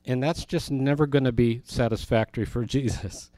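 A man leads a Bible study, talking in an easy, conversational way. He stops to explain words and throws questions to his listeners. His voice is mid-pitched and sounds dry and close, with no room echo. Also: steady tone, moderate pace, warm tone. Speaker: Bible teacher.

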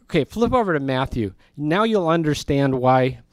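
A man's voice: a little high, animated, normal speed, no echo. A man teaching a Bible study in a conversational way, explaining words and asking his listeners questions.

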